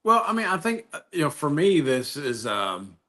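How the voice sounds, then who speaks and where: A man's voice: a little high, very animated, normal speed, bright, forceful tone. A man telling stories in casual chat on a live video call, enthusiastic and full of restarts. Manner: enthusiastic storyteller, many restarts.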